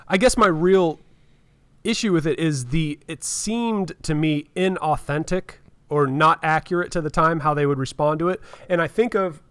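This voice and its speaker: Casting: male podcast co-host, slightly high voice, dry close sound, earnest and agreeable. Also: a bit bright, clear, resonant tone, no echo. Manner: earnest, quick to agree, acts out character lines. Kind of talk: casual podcast chat.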